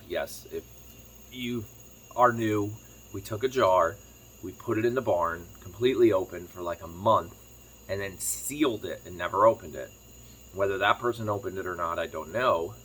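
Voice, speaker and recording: A man chatting casually to camera as a farm vlogger, telling a rambling story quickly while sitting on his kitchen floor. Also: low voice, fairly bright tone, a little hiss or hum. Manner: rambling, fast-talking storyteller.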